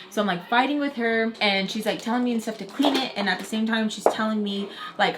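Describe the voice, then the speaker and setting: A young woman tells a casual storytime in a chatty, filler-heavy way. She acts out what people said as she goes. Her voice sits at a middle pitch, with a faint hiss of noise in the background. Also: fairly quick. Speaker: storytelling vlogger.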